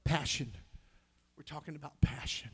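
A man's voice: on the high side, steady tone, moderate pace, breathy edge. A middle-aged man preaching a sermon, calling out to the congregation, singing snatches of a song and laughing as he tells stories. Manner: loud, preachy call-and-response with singing and laughter. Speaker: pastor.

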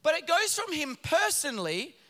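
A middle-aged man preaching a sermon as pastor, swinging between loud emphatic calls and quiet low passages. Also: sing-song, normal speed. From Australia. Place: large church auditorium. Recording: long hall reverb from a church.

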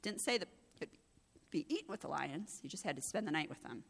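A woman's voice: low-pitched, lively intonation, brisk, creaky, a bit bright. A woman pastor giving a conversational sermon, growing emphatic and intense at moments. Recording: long hall reverb.

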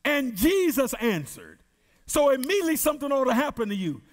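A man's voice: very high voice, sing-song, long reverb tail. A man preaching as pastor at a Bible study, emphatic, drawing out words and calling on the congregation to answer. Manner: emphatic, drawn-out preaching with call-and-response.

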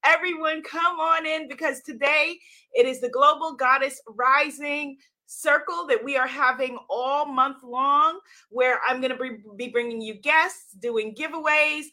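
A woman's voice: high voice, a little slow, sharp tone. A woman hosting a live stream as an author, talking casually with viewers, upbeat and greeting them by name. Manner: upbeat, laughs often, greets viewers one by one. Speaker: livestream host and author.

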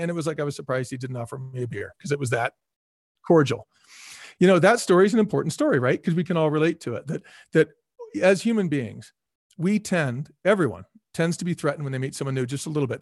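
Fast-talking animated man, close dry mic. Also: a little high, dry recording. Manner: animated, acts out quoted dialogue, many fillers. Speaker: guest, restaurant executive. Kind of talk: animated interview storytelling.

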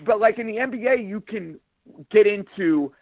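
A man with a strong New York accent and a rough, everyday voice talks sports radio in an emphatic, plain-spoken way. He comes through a thin, tinny phone line. The sound is close and dry, with no room behind it. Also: high voice, animated, normal speed, dry recording. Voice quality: rough around the edges voice. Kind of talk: interview guest, casual talk.

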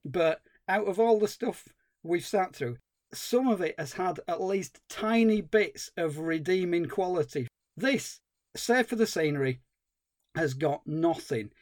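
A man's voice: high-pitched, expressive, unhurried, no room sound. A man co-hosting a film podcast, ranting in exasperated, sweary casual chat. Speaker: podcast co-host.

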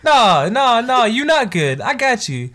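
A man's voice: very high voice, sing-song, a little slow, bright, forceful tone, a little hiss or hum, voice pushed up, heavily acted. A man voicing a fierce, protective anime teenage girl who talks in a sassy, bossy way.

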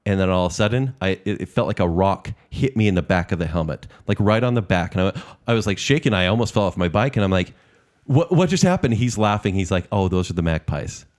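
A man with a Southern US accent, chatting casually as a podcast co-host and telling animated stories. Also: low voice. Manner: animated storyteller, quick asides. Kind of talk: casual chat.

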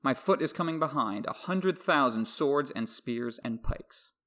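A man's voice: medium pitch, lively intonation, a little slow, fairly bright tone, pitched above the performer's own voice. A man voicing a smug, mocking young lord. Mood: boastful. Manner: teasing, airy and boastful. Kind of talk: dramatic reading of a novel.

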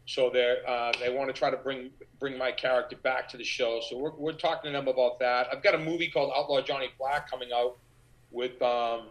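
A middle-aged man, an actor guest, telling animated anecdotes in an interview and acting out the voices of the people in them. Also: mid-range voice, brisk, slight background noise, low-quality recording. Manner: animated, acts out quoted voices. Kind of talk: anecdotal storytelling.

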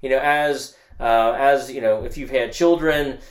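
A man's voice: mid-range voice, steady tone, measured pace. A man giving a casual church teaching, earnest, often repeating and restarting his words. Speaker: guest teacher.

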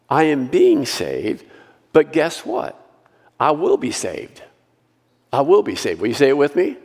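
A male pastor preaching a sermon, earnestly leading the congregation in repeated declarations and dropping to a hushed voice on scripture. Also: mid-range voice, big-room sound.

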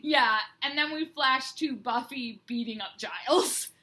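A woman co-host chats loosely through an episode recap, slipping into quick playful impressions of the characters. Her voice sits high and bright. The tone stays relaxed and conversational. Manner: chatty, recaps scenes with playful quoted lines and laughs. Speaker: podcast co-host. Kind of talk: casual recap chat.

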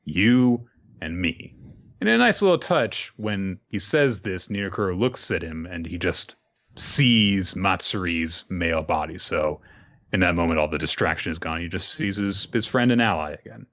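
A man's voice: low voice, expressive, moderate pace, fairly bright tone, highs cut off. A man hosting a podcast, chatting through a recap of an anime episode and laughing as he retells the scenes. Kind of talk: casual recap.

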